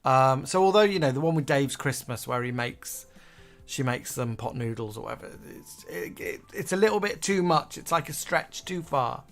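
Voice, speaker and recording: A man co-hosting a relaxed live stream, chatting about old favourite shows. He reads viewers' comments aloud, with plenty of ums along the way. Faint music plays behind him. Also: mid-range voice, normal speed. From England. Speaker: co-host. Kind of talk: casual chat reading viewer comments.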